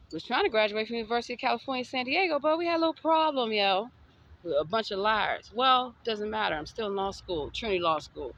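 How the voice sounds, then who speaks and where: A woman's voice: mid-range voice, expressive, brisk, fairly bright tone, dull audio. A woman from the States, giving a sassy, defiant, preachy motivational monologue. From Southern United States. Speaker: vlogger.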